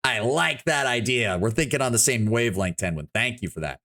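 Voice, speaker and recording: A man's voice: mid-range voice, animated, a little fast, sharp tone. A man chatting casually on a live stream, reacting and thinking aloud in a rambling way, with frequent restarts. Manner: swears freely.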